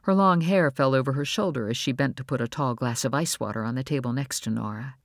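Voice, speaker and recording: A woman narrating a novel in a calm, measured audiobook reading. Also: very deep voice, dry recording, clean studio sound.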